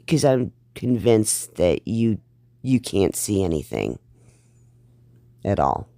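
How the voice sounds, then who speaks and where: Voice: low-pitched, very animated, slow, vocal fry, dark tone, dry recording, studio quality. A reaction channel host giving blunt, sarcastic and profane commentary on a clip.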